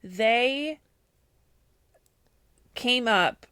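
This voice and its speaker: A woman's voice: on the high side, expressive, drawn-out words, fairly bright tone, clean tone, dry recording, clean studio sound. A woman co-hosting a podcast, chatting casually and telling stories full of fillers and acted-out quotes. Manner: chatty storyteller, lots of fillers, acts out quotes. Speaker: podcast co-host. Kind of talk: casual chat.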